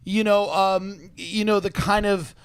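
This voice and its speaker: A man with a notably high voice, sardonic and ranting in casual comedic chat. His sound is close and dry, with no room around it. He talks outdoors by a lake. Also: fairly even intonation, measured pace, smooth, dry recording. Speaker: podcast host.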